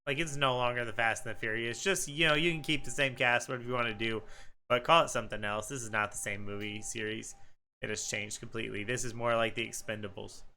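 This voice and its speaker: A man's voice: mid-range voice, fairly even intonation, quick pace, pushed and bright. A man co-hosting a podcast in casual chat, blunt and full of teasing wisecracks. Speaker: podcast co-host.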